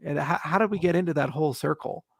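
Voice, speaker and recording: A man's voice: fairly high pitch, fast talker, creaky, slightly rough. A man hosting a casual conversation, putting questions and making dry joking asides. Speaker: host.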